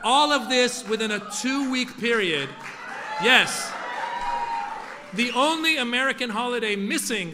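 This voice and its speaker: A man from Iran, raised in Northern California, doing stand-up as an event host with playful, punchy delivery. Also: a little high. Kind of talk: stand-up comedy at a formal event. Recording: echoey hall with faint noise.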